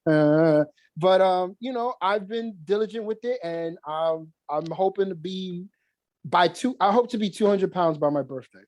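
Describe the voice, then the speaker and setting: A man's voice: high voice, normal speed, no room sound. A man co-hosting a casual podcast, telling stories with lots of swearing and laughter. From New York. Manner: animated storyteller, swears often, laughs mid-sentence. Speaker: podcast co-host.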